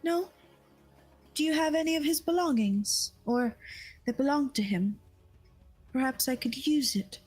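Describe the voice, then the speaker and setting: A woman puts on an eerie young seer girl who drifts rather than walks, speaking in a soft, formal, cryptic manner. Her voice sits a little higher than an everyday tone, and she keeps it calm and unhurried. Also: dry recording, faint music behind. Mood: solemn.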